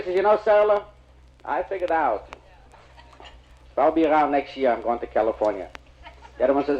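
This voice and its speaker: Fast-talking male comic on an old record. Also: fairly high pitch, dull audio, background noise. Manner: brisk, punchline-driven storytelling. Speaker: stand-up comedian. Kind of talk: rapid-fire joke telling.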